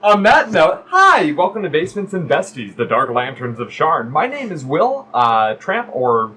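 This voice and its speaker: A man's voice: fairly high pitch, huge pitch swings, moderate pace, pushed and bright, breathy edge, rough recording. A man running a tabletop actual play as game master, upbeat and joking, rambling with fillers.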